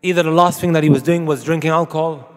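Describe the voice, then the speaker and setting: A man's voice: a little high, steady tone, fast, big-room sound. A man preaching a sermon to an audience, emphatic and full of rhetorical questions, with Arabic quotations. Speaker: Islamic preacher.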